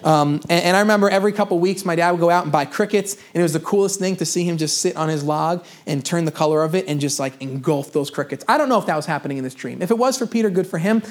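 A man's voice: fairly high pitch, quick pace, few pauses. Man preaching a casual, joking sermon. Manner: casual storytelling with self-deprecating humor and asides. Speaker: pastor.

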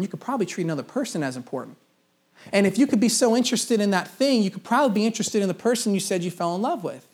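A pastor preaching a sermon in a conversational way, repeating key phrases for emphasis. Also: mid-range voice.

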